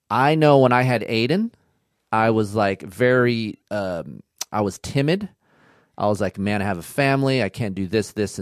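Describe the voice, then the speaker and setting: A man's voice: lowish voice, no echo, clean studio sound. A middle-aged man hosting a casual podcast chat, blunt and teasing, with plenty of swearing. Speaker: podcast host. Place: studio.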